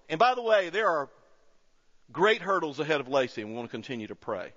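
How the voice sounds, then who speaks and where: A man's voice: a little high, very animated, quick pace, fairly bright tone. A man, preaching a sermon to his church in a conversational style that rises into emphatic peaks. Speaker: pastor. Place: church sanctuary. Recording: dull sound with long hall reverb.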